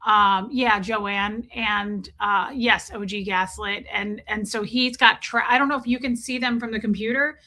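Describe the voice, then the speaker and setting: A woman's voice: mid-range voice, fairly even intonation, a little slow, few pauses, bright, forceful tone. A woman hosting a casual livestream, chatting and rambling while greeting viewers by name. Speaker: livestream host.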